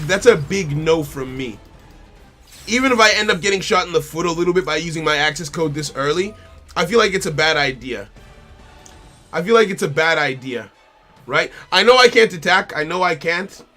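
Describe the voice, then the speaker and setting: A fairly high, bright-toned man talks through his turns in a live card game stream. He mutters his options, repeats lines over and over as he decides, and speaks straight to his opponent and viewers, with soft music underneath. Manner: thinks aloud, repeats phrases, talks to the opponent and chat. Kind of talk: casual live-stream commentary. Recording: faint music behind the voice.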